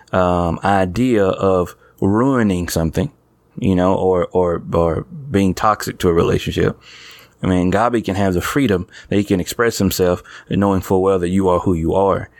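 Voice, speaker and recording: A man in casual conversation, talking thoughtfully and haltingly with many fillers. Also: low voice, no room sound, studio quality. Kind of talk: casual chat.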